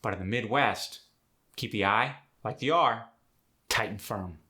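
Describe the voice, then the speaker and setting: A man hosting an accent tutorial as a dialect coach, explaining sounds in a brisk, instructive way. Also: on the low side, bright, forceful tone.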